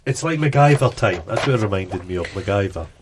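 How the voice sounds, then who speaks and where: A man's voice: on the low side, lively intonation, quick pace, background noise. Scottish guy on a podcast, swears a lot, jokey casual film chat. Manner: crude, joking, does silly voices. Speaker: podcast co-host.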